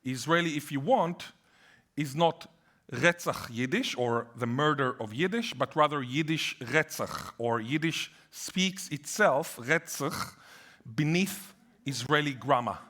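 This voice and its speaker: Animated man giving a linguistics lecture. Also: on the high side, measured pace. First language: Hebrew. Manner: animated, playful, asides and wordplay. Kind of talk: academic lecture.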